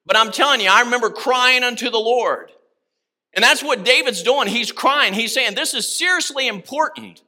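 Male pastor, high and very bright voice, impassioned sermon, swings from hushed to loud. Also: moderate pace. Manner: impassioned, rising to shouts on key words.

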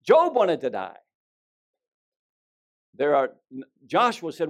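A man preaching a sermon, telling folksy stories and swinging between loud emphasis and hushed delivery. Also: fairly high pitch, wildly swooping pitch, takes it slowly, pauses often. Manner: folksy storytelling with fillers.

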